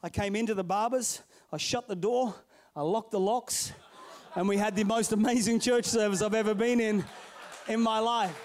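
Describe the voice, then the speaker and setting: High-voiced animated male pastor. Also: moderate pace. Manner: animated, playful, calls out to the congregation. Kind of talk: storytelling sermon.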